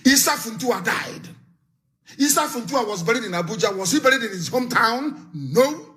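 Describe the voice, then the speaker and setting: A middle-aged Nigerian man delivering a fiery live political broadcast, threatening and lecturing, repeating his warnings with sudden shouts. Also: very high-pitched, expressive, moderate pace. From southeastern Nigeria.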